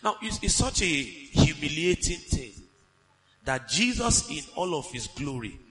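A man co-teaching a sermon with his wife, delivering scripture in a steady, measured way. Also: fairly high pitch, long reverb tail, rough recording.

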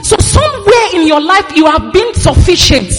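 A woman preaching a sermon, animated and sing-song, slowing down to stress scripture. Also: very high voice. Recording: reverberant hall with faint music.

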